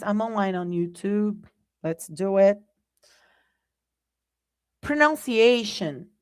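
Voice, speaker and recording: A woman teaching a live online English lesson, speaking deliberately and often checking in with "right?". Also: medium pitch, clear, resonant tone.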